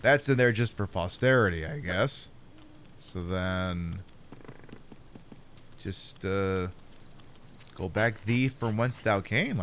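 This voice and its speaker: A man's voice: deep voice, fairly bright tone, a little hiss or hum. A man playing a game on stream, muttering sarcastic, swearing commentary to himself. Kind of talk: casual gameplay commentary.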